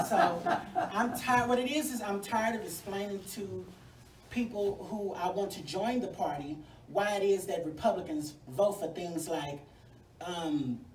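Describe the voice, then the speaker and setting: A woman's voice: mid-range voice, darkish tone, distant mic, a little hiss or hum. A woman, a congressional candidate giving a sassy, folksy, fired-up campaign speech at a forum. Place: venue hall at a forum. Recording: echoey room, mic from afar.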